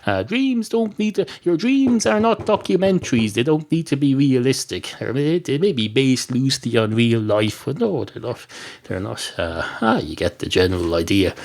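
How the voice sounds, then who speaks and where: An Irish man from Ireland, hosting a solo comedy podcast. He rambles in a deadpan, self-mocking way, with plenty of pauses and restarts. His pitch sits in the middle range. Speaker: podcast host. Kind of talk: comedic monologue.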